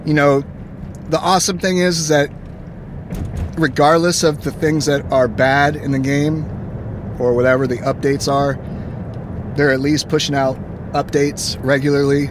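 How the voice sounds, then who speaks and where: Animated man vlogging from a car. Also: fairly high pitch, normal speed, long pauses. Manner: animated storytelling, acts out both sides of exchanges. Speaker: gaming vlogger. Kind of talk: casual chat. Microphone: phone camera. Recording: faint road noise inside a moving car. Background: faint car and road noise.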